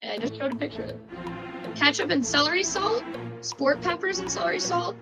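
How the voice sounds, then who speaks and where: A woman's voice: very high voice, expressive, fairly quick, creaky, music in the background, low-quality recording. A young woman with a Chicago accent hosting a casual podcast quiz, chatty and rambling, with many fillers and restarts. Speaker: podcast host running a quiz. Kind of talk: casual chat.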